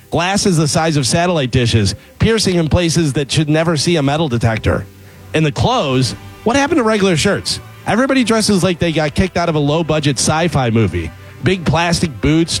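Sarcastic man reading a comic rant. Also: fairly high pitch. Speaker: comedy segment writer. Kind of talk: ranting comic open letter. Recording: faint music bed underneath.

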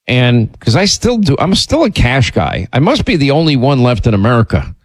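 Animated, rambling man hosting a radio show. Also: normal speed, no echo. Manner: animated, rambling, jumps up in pitch when indignant. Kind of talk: casual on-air storytelling.

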